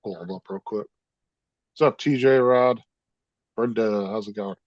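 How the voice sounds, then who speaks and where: A man's voice: lowish voice, a little slow, a little mellow, no room sound, muffled recording. Blunt man in casual chat. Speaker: school bus district worker. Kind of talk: casual live-stream chat.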